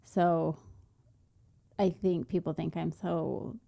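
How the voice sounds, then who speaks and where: A woman co-hosting a casual podcast chat, soft-spoken, often trailing off. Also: on the low side, fairly even intonation, slow pace, gravelly. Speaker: podcast co-host.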